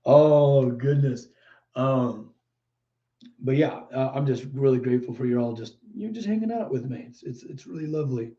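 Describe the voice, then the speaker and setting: Male streamer, mellow voice, easygoing viewer chat, quick to exclaim, dull lo-fi sound. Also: medium pitch. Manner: chatty and easily delighted, frequent exclamations and laughs. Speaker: livestream host. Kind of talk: casual live chat reading viewer comments. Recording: muffled lo-fi stream audio.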